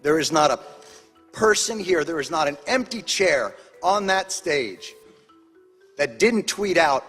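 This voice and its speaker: An angry man delivers an impassioned speech in emphatic, measured bursts. His voice is slightly husky and pitched a little high. Long hall reverb surrounds him, with faint music underneath. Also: animated, a bit bright. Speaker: advocate testifying at a congressional hearing.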